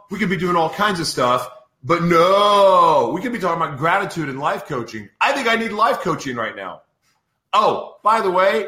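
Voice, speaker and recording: Man, podcast host, bright voice, fairly high-pitched, exasperated rant, echoey room. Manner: exasperated, ranting about tech trouble. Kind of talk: casual live-stream talk.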